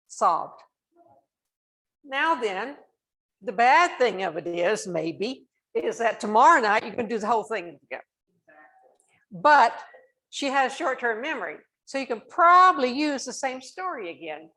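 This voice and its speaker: With a slightly high, animated voice and a somewhat slow pace, an older nurse shares personal stories with families and performs the conversations in them. She specializes in dementia, and her warm storytelling comes through on a low-quality recording.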